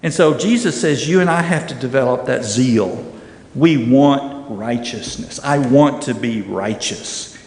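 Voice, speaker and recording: A middle-aged man teaching a church Bible class, animated and acting out the voices he quotes. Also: mid-range voice, a little slow. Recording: echoey room with long reverb.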